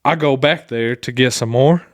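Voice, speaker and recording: A man co-hosts a podcast of casual chat and loose, rambling stories, swearing freely throughout. His voice is medium in pitch at a moderate pace, recorded with studio quality and no room sound.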